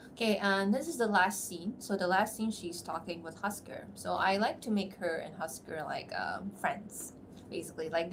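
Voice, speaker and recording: A woman's voice: fairly low pitch, slight background noise. A young woman chatting casually on a livestream as a voice actor, laughing often and reacting to the comments. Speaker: voice actor streamer. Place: at home, seated.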